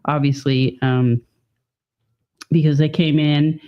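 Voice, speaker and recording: A man in a casual streamed chat with a rather high voice, rambling along and laughing often. The sound is dull and lo-fi, like a live-stream mic. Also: little pitch movement, slow pace, clear, resonant tone. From Northern California. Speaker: podcast co-host.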